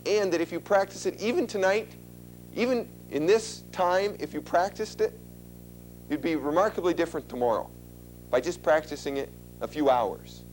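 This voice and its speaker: A man with a slightly high voice lectures an audience in a chatty, emphatic way. He keeps turning to his listeners with questions. A faint hum sits under the recording. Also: expressive, normal speed, a little mellow, poor audio. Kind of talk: instructional talk.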